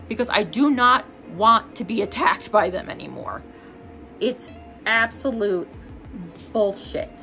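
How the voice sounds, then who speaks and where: A young woman talks straight to her followers in a casual get-ready-with-me video, angry and heated. She rants and swears freely in a voice of middle pitch. Faint music plays behind her. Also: animated, unhurried, bright, forceful tone. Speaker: vlogger.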